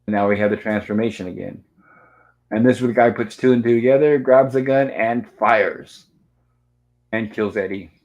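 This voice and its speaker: A man's voice: fairly low pitch, moderate pace, darkish tone, lo-fi sound. A man hosting a live movie review, narrating the film scene by scene and reading out its lines. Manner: retells scenes step by step, reads lines aloud. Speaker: host.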